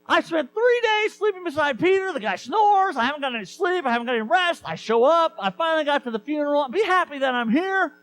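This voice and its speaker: A man's voice: very high voice, expressive, fast talker, few pauses, pitched above the performer's own voice. A man voicing a cranky, sleep-deprived male teacher who snaps indignantly at a mourner. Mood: indignant, shouting. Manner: loud, snappy and indignant.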